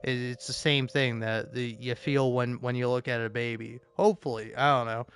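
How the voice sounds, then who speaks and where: A man's voice: mid-range voice, fairly even intonation, moderate pace, a bit bright. A man live streaming a game, rambling casually with lots of fillers, stammers and swearing. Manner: meandering, profane, stammering with many fillers.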